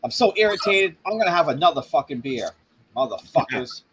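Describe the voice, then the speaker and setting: A man with a somewhat high voice ranting profanely on a casual podcast. He sounds fed up and keeps swearing as he vents. Faint background noise sits under the recording. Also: lively intonation, a little fast, fairly bright tone, rough recording. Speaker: co-host.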